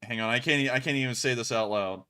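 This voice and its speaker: A man in his twenties co-hosting a live stream, chatting casually and rambling with lots of fillers and restarts, deliberately raising his pitch. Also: pushed and bright, smooth. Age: 20s. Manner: speaks in a deliberately raised pitch. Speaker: stream co-host.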